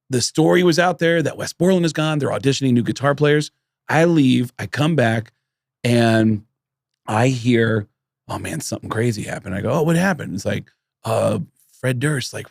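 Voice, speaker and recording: A man co-hosting a podcast, telling animated stories with plenty of swearing and acted-out quotes. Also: medium pitch, a little slow, vocal fry, dry recording, studio quality. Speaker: podcast co-host. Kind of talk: casual storytelling chat.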